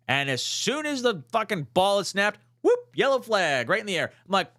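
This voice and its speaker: Excitable young man ranting, lively pitch. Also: moderate pace, hardly any pauses, no echo, clean studio sound. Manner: excitable, swearing, rising to near shouts when fired up. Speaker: podcast host. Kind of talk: casual fan talk show, reading chat comments.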